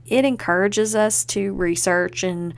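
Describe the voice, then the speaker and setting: A woman's voice: mid-range voice, measured pace, creaky. A woman hosting a podcast, chatting casually and enthusiastically and leaning on fillers like "like". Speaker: podcast host.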